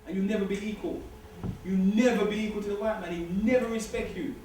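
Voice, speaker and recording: A man's voice: high-pitched, fairly even intonation, quick pace, warm tone, a little hiss or hum. A man giving an informal, joking talk to a student society, repeating his points for emphasis. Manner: streetwise, joking, emphatic repetition. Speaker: guest speaker. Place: large lecture hall. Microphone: far room recording. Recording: distant echoey hall recording.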